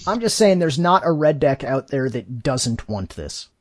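A man with an animated, swooping delivery co-hosts a casual podcast and grumbles wryly about what he dislikes. The recording is dry and close to the mic. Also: mid-range voice, moderate pace, no echo. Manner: wry, grumbling, lively delivery. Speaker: podcast co-host. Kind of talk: casual chat about card games.

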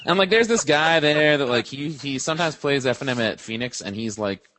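Lively rambling young man, casual chat. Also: mid-range voice, brisk, noisy background. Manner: rambling, animated storytelling with profanity. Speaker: podcast co-host.

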